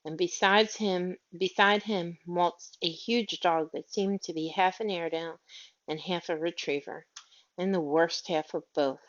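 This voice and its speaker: A woman narrating a children's story aloud in a gentle, measured reading. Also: fairly low pitch, steady tone. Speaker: audiobook reader. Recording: dull lo-fi audio.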